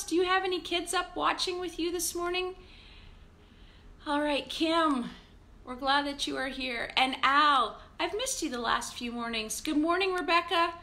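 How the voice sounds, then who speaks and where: A woman's voice: high-pitched, creaky, pushed and bright. A woman pastor leading a live-streamed morning devotional, chatty and upbeat as she greets viewers by name.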